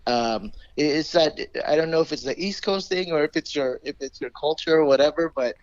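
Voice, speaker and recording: A man with a somewhat high voice speaks as a coach on a podcast. He is earnest and halting, with lots of fillers. The recording sounds dull and lo-fi. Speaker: Muay Thai coach, guest. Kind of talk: casual chat.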